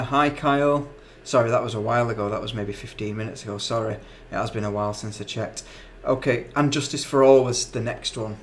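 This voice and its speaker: A man of medium pitch hosts a live stream, reading comments in a relaxed, chatty way. He fills gaps with "um" and apologizes easily, with faint noise behind him. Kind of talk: casual chat reading comments.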